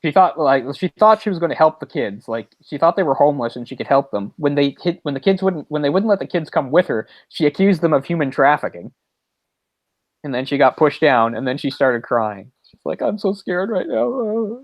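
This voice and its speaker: A man's voice: fairly high pitch, a little fast, no room sound, dull audio. A man co-hosting a podcast, casually retelling a story with mocking impressions. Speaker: podcast co-host. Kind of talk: casual chat.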